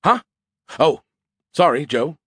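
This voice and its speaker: A man's voice: on the high side, big pitch swings, slow pace, fairly bright tone, breathy edge, no room sound, clean studio sound, pitched above the performer's own voice, heavily acted. A man voicing a boastful, snarky male AI that lives in a beer can, in a raised, self-important tone. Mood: breezy.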